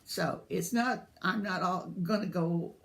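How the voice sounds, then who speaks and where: Older woman, light Southern US drawl, gravelly texture, rambling and chatty vlog delivery. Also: on the low side, a little slow. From United States. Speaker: booktuber. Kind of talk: casual vlog chat.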